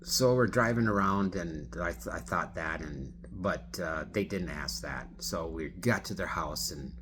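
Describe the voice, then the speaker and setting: A man who drives for a ride app telling a story in a rambling, casual way, often clearing his throat. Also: low-pitched, unhurried, background noise. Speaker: rideshare driver.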